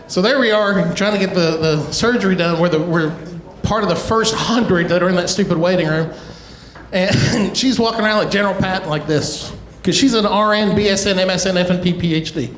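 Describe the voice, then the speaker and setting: A middle-aged man doing a stand-up comedy set, telling a family story with quick asides and chuckles. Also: high-pitched, a little hiss or hum. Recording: echoey live room.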